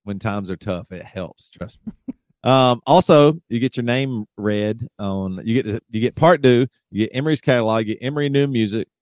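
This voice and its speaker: A man's voice: medium pitch, expressive, normal speed, no room sound, clean studio sound. A man hosting a podcast in casual chat, loose and jokey, often breaking into laughter. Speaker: podcast host.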